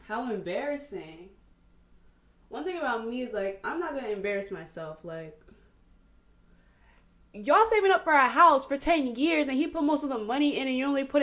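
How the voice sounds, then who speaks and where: Lively young woman chatting while doing makeup. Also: a little high, roomy sound. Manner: animated, laughing storyteller, drawn-out exclamations. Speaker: podcast host. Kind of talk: casual get-ready-with-me chat.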